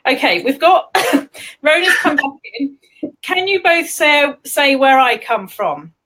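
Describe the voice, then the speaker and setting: An English woman hosting a casual live chat, chatty and quick to giggle. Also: high voice, lively intonation, fairly bright tone, rough recording. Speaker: host.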